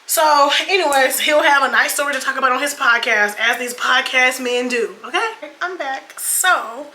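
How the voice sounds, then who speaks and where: Young woman, beauty vlogger, casual storytime, chatty, swears freely, sharp bright tone, faint room ambience. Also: high-pitched, normal speed, echoey room, slight background noise. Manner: chatty, swears freely, addresses viewers as y'all and girl. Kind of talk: casual get-ready-with-me storytime.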